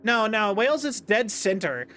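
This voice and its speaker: Rambling bright-voiced male streamer. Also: sits high, big pitch swings, normal speed, slight background noise. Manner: rambling, chatty, self-deprecating. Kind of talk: live-stream gameplay chat.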